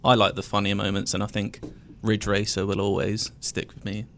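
A man's voice: lowish voice, monotone, brisk, gravelly, fairly bright tone, a little hiss or hum. A man on a podcast chatting casually in a laid-back way, laughing lightly as he recalls moments. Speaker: podcast co-host. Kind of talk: casual group chat.

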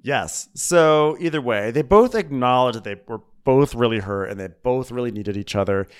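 A man's voice: medium pitch, expressive, normal speed, clean tone. A man co-hosting a comedy podcast, recapping a reality show in casual, joking chat. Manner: joking, quotes people in put-on voices. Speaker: podcast co-host.

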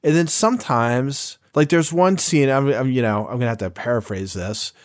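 A man's voice: mid-range voice, normal speed, no room sound. Man, podcast panelist, rambling, restarts, dry studio sound. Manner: rambling, acts out scenes he retells. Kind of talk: casual review chat.

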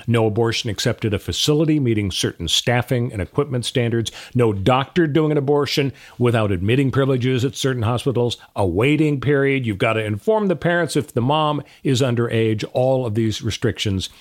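Brief: male podcast co-host, lawyer, walks through legal options in a casual, halting way. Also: medium pitch. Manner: explanatory, laying out options with frequent "uh" fillers.

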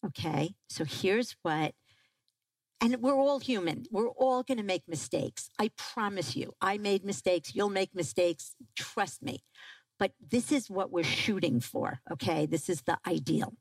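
Animated woman speaking on parenting. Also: mid-range voice, unhurried, no echo, rough recording. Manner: animated, asks the audience questions. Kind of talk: talk to a live audience.

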